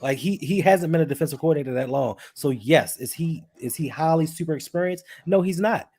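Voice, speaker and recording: A man with a fairly high voice, arguing football points with energy and pushing back on his co-host. Casual, lively podcast banter. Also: a little fast. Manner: animated, argumentative. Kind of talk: casual sports talk.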